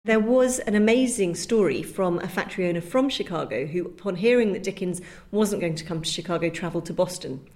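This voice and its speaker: A woman's voice: fairly low pitch, a little fast, few pauses, darkish tone. A woman guest recounting a historical anecdote in an engaged, storytelling manner. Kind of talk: interview storytelling.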